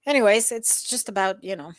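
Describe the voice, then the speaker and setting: A woman's voice: medium pitch, a little fast, no echo. A woman co-hosts a casual morning chat, talking in a loose, rambling way. She restarts often and fills gaps with little fillers. The sound is close and dry. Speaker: co-host.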